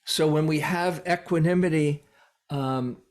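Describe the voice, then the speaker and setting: Slightly high in pitch and steady in tone, a male meditation teacher gives a Buddhist dharma talk. It's a reflective, unhurried delivery marked by frequent pauses and quiet fillers.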